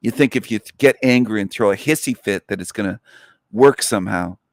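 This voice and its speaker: A man's voice: fairly low pitch, fairly quick, dry recording, studio quality. A man hosting a livestream, delivering a contemptuous, mocking rant to his viewers. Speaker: livestream host. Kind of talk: ranting livestream monologue.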